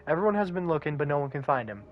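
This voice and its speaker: A man's voice: fairly high pitch, sing-song, very fast, muffled recording. A man voicing an earnest, worried young boy who pleads insistently in a raised voice. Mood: pleading.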